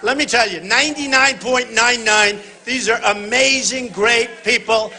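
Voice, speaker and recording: A man giving a campaign rally speech on a stage microphone in a large venue. He speaks emphatically in short repeated phrases, often shouting to the crowd and calling them folks. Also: very high-pitched, measured pace, a little hiss or hum, poor audio. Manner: talks directly to the audience, addressing them as folks. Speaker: political candidate speaking at a rally.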